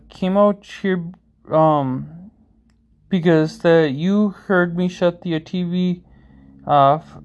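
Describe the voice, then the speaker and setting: A streamer talking through personal struggles in a halting way, full of fillers and restarts. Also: mid-range voice, darkish tone. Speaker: streamer host. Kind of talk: personal vlog monologue. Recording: dull lo-fi sound.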